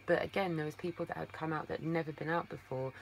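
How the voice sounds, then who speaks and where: A woman's voice: deep voice, fairly even intonation, fast, creaky, slight background noise. An Englishwoman hosting a casual livestream from a phone set some distance away, rambling affectionately and calling viewers darling, her voice tired from a long day of talking. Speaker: livestream host. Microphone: phone placed at a distance.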